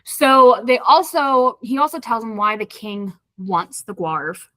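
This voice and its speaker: Podcast co-host, woman, bright and lively, recaps the plot with acted-out quotes; close, dry mic. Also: fairly high pitch, measured pace, no echo. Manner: animated retelling, acting out characters' lines. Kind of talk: casual book club chat.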